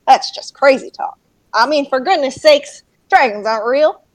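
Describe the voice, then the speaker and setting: A woman's voice: sits high, animated, normal speed, low-quality recording. A woman voicing a folksy, cautious old male farmer with a put-on Southern accent, rambling and gossipy. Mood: confiding. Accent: put-on Southern American.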